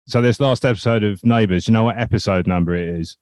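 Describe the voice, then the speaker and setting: A man's voice: lowish voice, fast, darkish tone. Understated man, casual chat.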